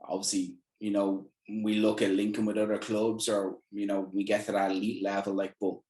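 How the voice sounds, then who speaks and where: An Irish man hosting a podcast in casual chat, chatty and quick to act out what others say. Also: on the low side, completely flat delivery, warm tone, slight background noise. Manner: chatty, acts out quoted lines with bursts of energy. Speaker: podcast host. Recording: roomy echo.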